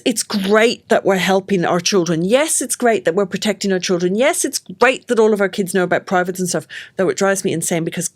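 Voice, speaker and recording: A middle-aged woman from Australia, a baby sleep consultant hosting a casual chat and acting out quotes with big jumps in pitch. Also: fairly quick, few pauses, dry recording, clean studio sound.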